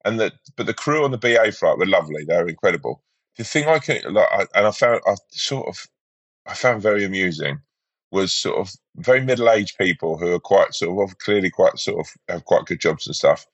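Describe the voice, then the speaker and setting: A man telling a rambling anecdote in casual chat. His voice is lowish and a little husky, with a very lively pitch that swoops up and down. The sound is close and dry. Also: brisk, no room sound. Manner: rambling storyteller, lots of restarts and acted quotes.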